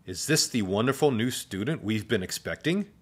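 A man voicing a friendly, cheerful woman teacher in a storybook read-aloud, with a bright sing-song voice. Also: fairly low pitch, expressive, normal speed, breathy edge. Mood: sweet, cheery.

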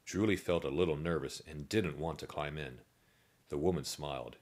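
A man with a very low, deep voice reads a storybook aloud. His delivery is measured, with light animation as events unfold. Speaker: narrator. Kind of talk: storybook reading.

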